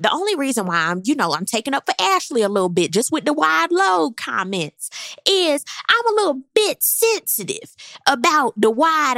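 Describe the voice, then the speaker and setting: A pregnant woman giving a blunt, sassy recap in casual chat, jumping into high mock voices. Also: fairly bright tone, no room sound, clean studio sound. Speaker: reality TV recap host.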